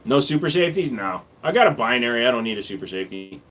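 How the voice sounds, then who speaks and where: A fast-talking man with a medium, fairly bright voice and big swings in pitch runs a casual livestream. He reads out comments from chat and jokes back at them bluntly, swearing freely.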